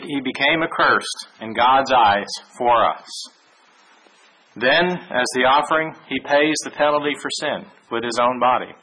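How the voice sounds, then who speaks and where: A man giving a Bible lesson, reading verses aloud in a measured way with small restarts. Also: mid-range voice, pushed and bright, breathy edge, poor audio. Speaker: Bible teacher. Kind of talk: sermon with scripture reading.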